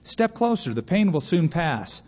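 A man voicing a calm, patient male stranger in a storybook tale, speaking slowly and gently. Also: fairly high pitch, voice pushed up. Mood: gentle. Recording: dull recording with long hall reverb.

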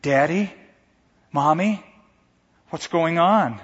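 Man doing a scared young boy, high strained pleading, long hall echo, dull muffled sound. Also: takes it slowly, husky. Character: frightened young boy, a child.

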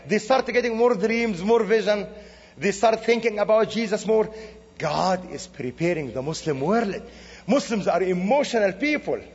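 A high-voiced man from the Middle East delivers a sermon, telling stories with animated, acted-out dialogue. His voice is slightly husky and rings with the long reverb of a church hall. The recording itself sounds dull and lo-fi. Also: normal speed. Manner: animated storytelling with quoted dialogue. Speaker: guest speaker. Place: church sanctuary.

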